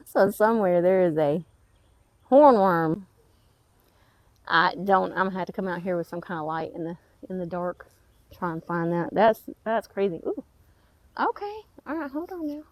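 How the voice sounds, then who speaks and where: A woman's voice: fairly low pitch, no echo. A woman gives a casual walk-through of her backyard garden, chatting and muttering at her plants as she goes. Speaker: gardening vlogger.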